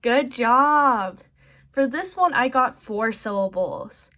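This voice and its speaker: A woman teaching a children's lesson, slowly modeling words and praising the listener. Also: a little high, lively intonation, bright, forceful tone. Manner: slow, encouraging, modeling words for kids.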